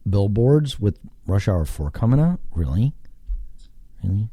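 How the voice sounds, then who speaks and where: Rambling man, low and slow. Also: very animated, warm tone, husky, no echo. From Texas. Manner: rambling, thinks aloud, swears casually. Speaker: podcast host. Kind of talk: casual solo podcast chat. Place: home basement.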